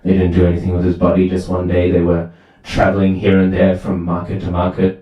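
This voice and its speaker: Male temple speaker, lively storyteller, low and mellow, recorded from a distance in a reverberant hall. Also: brisk, muffled recording. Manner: lively storytelling, asks "right?" often. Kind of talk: sermon with storytelling. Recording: very echoey hall, far from mic.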